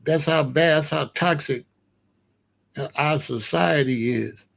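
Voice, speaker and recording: A man talking casually to his viewers in a slangy, emphatic way, his voice sitting a bit higher than most. He keeps stressing his points and often breaks into animated disbelief. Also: slow, creaky. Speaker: vlogger. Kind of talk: casual monologue to camera.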